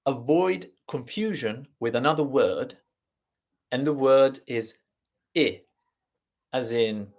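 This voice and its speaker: A man teaching a lesson live online, explaining slowly with many fillers and restarts. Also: medium pitch. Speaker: Italian teacher.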